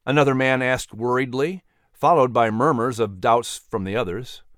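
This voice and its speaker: A man's voice: medium pitch, steady tone, a bit bright, dry recording, studio quality. Man narrating a historical story. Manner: measured storytelling.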